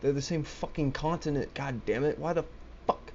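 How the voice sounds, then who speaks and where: A man's voice: a little high, moderate pace, darkish tone, highs cut off, a little hiss or hum. A young man ranting alone to a webcam, agitated, swearing often and stumbling over his words. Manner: agitated, swearing, restarts and stammers. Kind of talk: rambling solo rant to camera. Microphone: laptop webcam mic.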